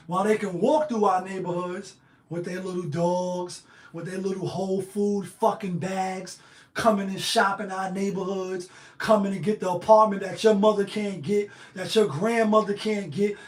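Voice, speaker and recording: A man hosting a livestream, delivering a profane, fiery monologue. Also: high-pitched. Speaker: livestream host. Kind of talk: heated monologue. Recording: echoey room.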